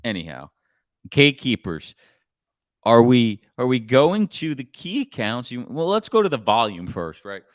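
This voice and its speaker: A middle-aged man coaching on sales in a casual podcast chat, blunt and animated, sometimes swearing. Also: mid-range voice, normal speed, dry recording, clean studio sound. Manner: blunt, animated storytelling with profanity.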